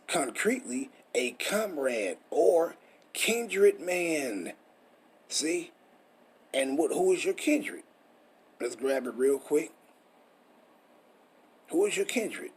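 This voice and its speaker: A man's voice: fairly high pitch, a bit bright, husky. A man teaching scripture in a preachy, emphatic way, full of rhetorical questions and swearing. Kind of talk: street-style scripture teaching.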